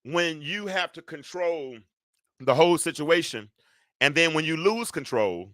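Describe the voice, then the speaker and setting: A man's voice: a little high, lively intonation, a little slow, pushed and bright, no echo, clean studio sound. A middle-aged man hosting a solo talk show in a preachy, joking way, speaking straight to his audience and calling for amens. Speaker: host.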